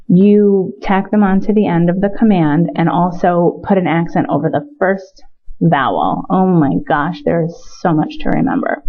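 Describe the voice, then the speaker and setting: A woman teaching a recorded Spanish grammar lesson in a chatty way, repeating words for emphasis. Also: fairly low pitch. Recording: tinny phone-like sound.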